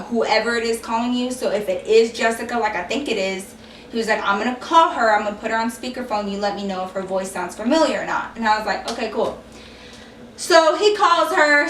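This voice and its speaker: A woman's voice: a little high, a bit bright, slight background noise. A young woman telling a casual storytime vlog, chatty and frank, swearing freely. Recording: echoey room, mic a little far off.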